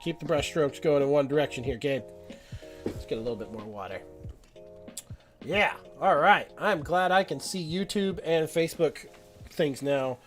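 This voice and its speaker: A man's voice: fairly high pitch, normal speed, faint music behind. A young man hosting a live painting stream, rambling and self-doubting as he chats with viewers. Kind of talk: casual live-stream chat while painting.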